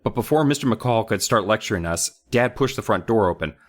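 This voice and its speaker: Animated man reading aloud with comic flair. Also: fairly low pitch, fairly quick. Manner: animated, joking, reads aloud with voices. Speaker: podcast co-host. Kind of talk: comedic story recap and read-aloud.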